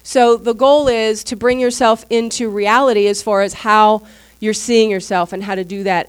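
Woman pastor with a higher voice, preaching casually. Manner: informal, candid and conversational, acting out what others said. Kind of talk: teaching sermon. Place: church service.

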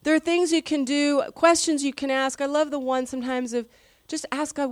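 A woman's voice: high-pitched, steady tone, normal speed, dry recording. Earnest, conversational woman pastor preaching. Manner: conversational and earnest, often dropping soft and quiet. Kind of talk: sermon.

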